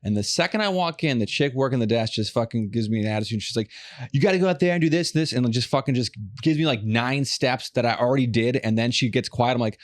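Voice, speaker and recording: A man's voice: medium pitch, dry recording. A man hosting a podcast, telling long profane stories in casual chat. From Los Angeles area. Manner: profane, fast storytelling rants. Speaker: podcast host.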